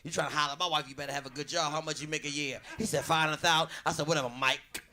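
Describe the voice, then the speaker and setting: Speaking in a fairly high, racing voice, a man hosts and does stand-up from a comedy club stage. His delivery is loud and lively, full of swearing, and he acts out every quote while the audience makes noise in the background.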